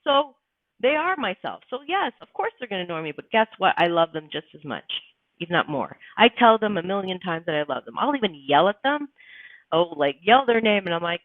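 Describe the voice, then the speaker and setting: A woman's voice: fairly low pitch, sing-song, fairly quick, dry recording. A woman hosting a casual live-stream chat, talking bluntly and emphatically with plenty of swearing. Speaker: livestream host. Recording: tinny phone-like sound, dry.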